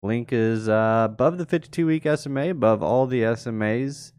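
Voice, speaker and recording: A man's voice: medium pitch, normal speed, darkish tone, clean tone, no echo, studio quality. A man hosting a live crypto market show, casually talking through charts and answering viewers in chat. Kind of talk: live chart analysis stream.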